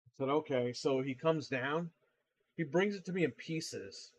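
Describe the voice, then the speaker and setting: A man's voice: fairly high pitch, measured pace, low-quality recording. A man hosting a casual livestream, telling blunt, profane, exasperated stories about customers. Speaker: livestream host and console repair seller.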